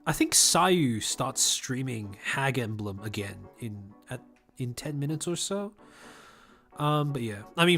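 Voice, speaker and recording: A young Australian man with a polished accent and crisp enunciation, talking casually to his stream audience. His mid-range voice swoops around animatedly, and he laughs and restarts his sentences often. Faint music plays quietly underneath. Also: mid-range voice. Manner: rambling, laughs often, repeats words as he starts sentences. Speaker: livestreamer. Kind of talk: casual livestream chat, reading chat.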